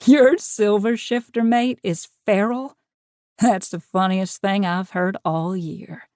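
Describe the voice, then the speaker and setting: A woman's voice: mid-range voice, steady tone, darkish tone, dry recording, studio quality, natural voice. A woman doing a cocky drawling Southern man. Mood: amused swagger. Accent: slight Southern US. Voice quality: slow drawl. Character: cocky drawling male shifter brawler.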